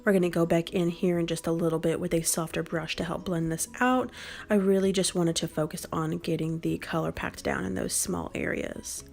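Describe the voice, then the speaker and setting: A young woman calmly explaining each step of a makeup tutorial in voice-over. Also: on the low side, moderate pace, vocal fry, soft background music. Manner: calm, step-by-step instructional. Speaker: beauty vlogger.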